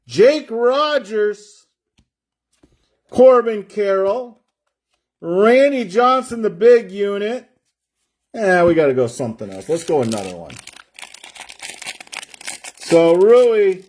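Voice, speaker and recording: Chatty higher-voiced man hosting a card break. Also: animated, a little slow, pauses often, darkish tone. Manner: chatty, rambling, drawls out player names while opening packs. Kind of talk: live card break stream chat.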